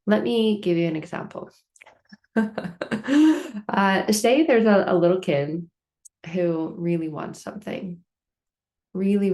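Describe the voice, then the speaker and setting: A woman's voice: medium pitch, vocal fry, darkish tone. A woman speaking in a mid-range voice gives a motivational self-help talk. She tells the story patiently, stacking repeated phrases to build it up. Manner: storytelling with repetitive build-ups.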